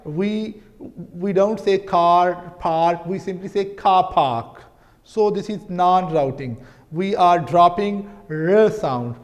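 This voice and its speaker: Slow Pakistani-accented man teaching. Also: high-pitched, a little mellow, in a large hall. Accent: Pakistani English. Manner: explanatory, repeats words and checks with "right?". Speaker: linguistics teacher. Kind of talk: recorded lecture.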